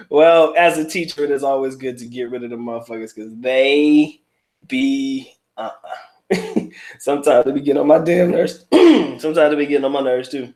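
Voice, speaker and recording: A man's voice: on the high side, normal speed, a little mellow. A middle-aged man hosting a casual livestream, reading viewer comments aloud in a blunt, profane, slangy way with frequent laughs.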